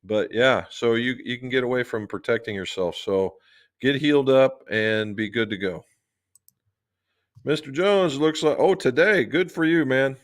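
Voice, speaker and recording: A man with a medium-pitched, unhurried voice hosts a casual golf livestream. In a relaxed, chatty way, he shares folksy stories from his club-fitting shop and answers viewers' questions.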